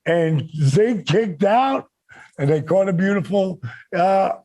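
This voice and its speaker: A man with a gravelly, raspy voice telling stories in a casual chat and acting out what others said. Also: high voice, takes it slowly. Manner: animated, acts out quoted voices, many restarts. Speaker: guest. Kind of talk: casual storytelling.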